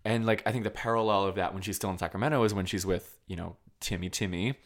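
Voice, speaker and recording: A man from Vermont talking casually about a film, animated, with lots of filler words. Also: fairly low pitch, fast. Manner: animated, many fillers, acts out quoted lines.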